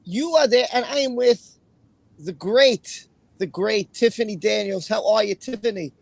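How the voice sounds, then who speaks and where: High gravelly-voiced man hosting a livestream. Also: measured pace, dry recording. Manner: greets chat viewers by name, chatty. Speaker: livestream host. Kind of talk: casual livestream chat.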